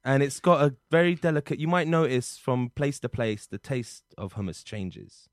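A man's voice: medium pitch, lively intonation, normal speed, no echo. A man hosting a comedy podcast in a studio, teasing his co-host and joking. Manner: joking, teasing, mock-outraged. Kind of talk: casual comedic chat.

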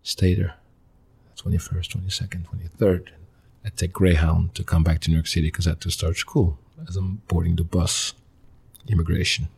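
A man, a guest in an interview, telling his life story in earnest, halting fragments with many restarts. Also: sits low, level tone, creaky, darkish tone, slightly rough. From Mali. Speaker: interview guest, former pro soccer player. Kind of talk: personal storytelling in a conversational interview.

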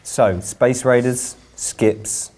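A man's voice: medium pitch, fairly even intonation, drawn-out words, darkish tone. A man co-hosting a podcast, steering the casual chat with dry remarks. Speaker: podcast co-host.

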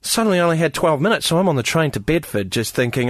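Man from new zealand, comedian guest, lively up-and-down pitch, storytelling with put-on voices, dry close sound. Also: fast, hardly any pauses, no echo. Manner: animated storyteller acting out voices in his tales. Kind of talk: casual anecdote telling.

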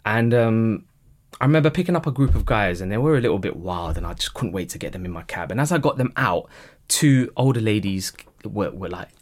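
Cab driver telling road stories. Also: male voice, fairly low pitch, fairly quick. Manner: lively storyteller who acts out dialogue in quoted voices. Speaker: black cab driver, podcast guest. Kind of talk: casual podcast storytelling.

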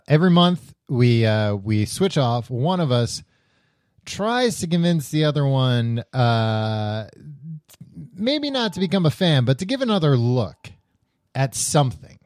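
A man's voice: medium pitch, a little mellow, dry recording, clean studio sound. A man co-hosting a pop culture podcast, explaining things in a rambling way with many fillers. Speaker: podcast co-host. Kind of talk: casual chat.

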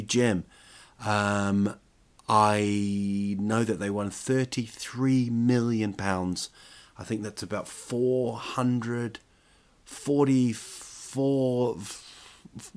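Rambling, self-mocking man with a low voice. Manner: self-mocking, jokey, many fillers and restarts. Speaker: podcast host. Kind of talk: rambling solo monologue.

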